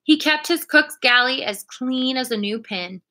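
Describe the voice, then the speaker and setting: Brief: woman reader, clear storytelling delivery, bright voice. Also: sits high, animated, a little slow, hardly any pauses. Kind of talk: reading a children's storybook aloud.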